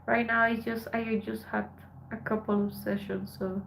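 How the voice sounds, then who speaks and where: A tired woman from Colombia, a Spanish speaker, chatting softly with her live-stream viewers as she reads their messages aloud. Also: fairly high pitch, level tone, normal speed, vocal fry, noisy background. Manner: soft, subdued, switching between English and Spanish. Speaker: live streamer reading chat. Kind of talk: casual live-stream chat.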